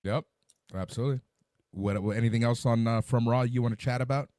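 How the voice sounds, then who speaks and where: A man co-hosting a podcast in casual wrestling chat, lively and steering the talk with questions. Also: medium pitch, fast talker, dry recording, clean studio sound. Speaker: podcast co-host.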